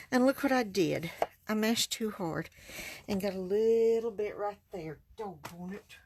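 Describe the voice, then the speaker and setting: A woman's voice: mid-range voice, noisy background. A woman chatting in a folksy way as she demonstrates card stamping on a livestream. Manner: folksy, chatty, talks while working. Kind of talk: casual craft demonstration.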